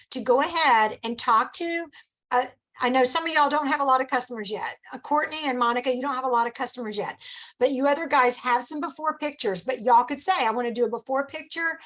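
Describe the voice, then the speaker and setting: A middle-aged woman leads a team meeting with a bright, high-pitched voice. She coaches in an upbeat, encouraging way and slips into quick acted-out customer lines. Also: poor audio. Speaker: sales director leading a team meeting. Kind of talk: motivational team meeting talk.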